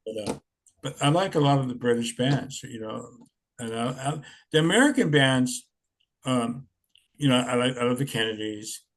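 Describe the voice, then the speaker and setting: A man's voice: medium pitch, lively intonation, normal speed. A man in his sixties telling stories in a rambling, laid-back way, swearing often. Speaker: interviewee, punk musician. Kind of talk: casual storytelling.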